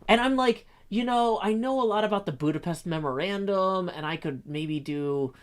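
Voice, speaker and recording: A man's voice: sits high, normal speed. A middle-aged man chatting casually on a stream, rambling with frequent restarts and fillers. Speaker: streamer and host. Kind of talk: casual chat.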